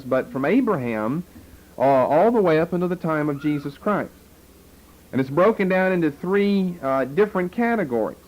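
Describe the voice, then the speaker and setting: A man's voice: a little high, darkish tone, rough recording. A man teaching a Bible lesson, explaining step by step and posing rhetorical questions. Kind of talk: lecture on scripture.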